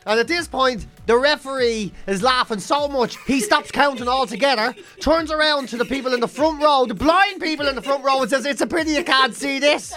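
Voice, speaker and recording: A man, a comedian and podcast host, telling a funny story with lots of swearing and loud re-enacted shouts. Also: very high voice, brisk, hardly any pauses, faint music behind. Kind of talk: comic storytelling.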